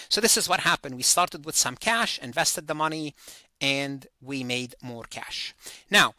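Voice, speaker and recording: A man's voice: on the high side, sharp tone, no echo. A man giving a recorded accounting lecture, thinking aloud, repeating and correcting himself as he works through figures.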